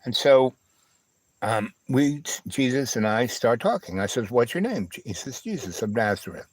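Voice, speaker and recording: A man's voice: mid-range voice, animated, dry recording, rough recording. A man hosting a livestream, telling a long personal story in a rambling way, full of fillers, restarts and little asides to the listener. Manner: halting, with many fillers, restarts and "you know, right?" asides. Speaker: livestream host.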